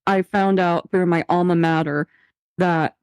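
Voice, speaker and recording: A woman's voice: lowish voice, fairly even intonation, unhurried, a little mellow, smooth, no room sound. Giggly young woman podcast co-host. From Canada. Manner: giggly storyteller, acts out quoted exchanges. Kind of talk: casual podcast chat.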